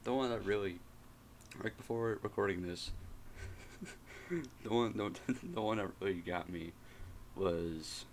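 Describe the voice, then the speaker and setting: Slow-talking man laughing through a reaction. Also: fairly low pitch, slight background noise. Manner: laughs hard, breathless giggling. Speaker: YouTuber reacting to memes. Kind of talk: casual reaction commentary.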